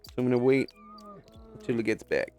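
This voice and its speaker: A man's voice: mid-range voice, lively intonation, a little fast, a little mellow, clean tone, faint music behind. A young man live-streaming a game, chatting with viewers in a joking, sarcastic way and swearing casually.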